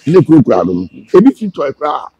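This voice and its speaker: A man with a Ghanaian accent tells his story as an interview guest, slipping into the voices of the people he quotes. His voice sits a little high for a man, with a gravelly, rough, breathy edge. The sound is dry and close, with no room around it. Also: racing, no echo. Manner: animated, quotes others in dialogue. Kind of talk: casual storytelling.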